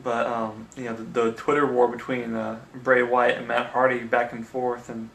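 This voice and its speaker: A man's voice: mid-range voice, little pitch movement, vocal fry, a bit bright. Guy chatting, keeps restarting his words, echoey room. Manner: halting, repeats words while searching. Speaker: podcast co-host. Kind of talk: casual chat. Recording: echoey room, faint noise.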